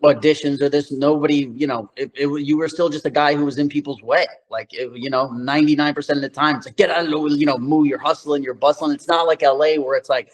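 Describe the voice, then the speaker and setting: A man's voice: on the high side, fairly even intonation, quick pace, few pauses, poor audio. A man in his thirties from New York, telling loose, slangy stories as an interview guest, with lots of filler words. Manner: loose, slangy storytelling full of "like". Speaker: guest, actor. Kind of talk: casual interview chat.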